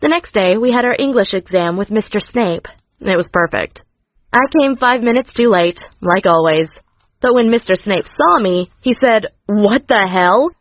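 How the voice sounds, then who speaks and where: A woman tells a storytime in a sassy, offhand way, her voice at a middle pitch. The recording is dry and close, with a dull, lo-fi tone. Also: expressive, moderate pace, dry recording. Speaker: storytime narrator. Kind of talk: scripted first-person narration.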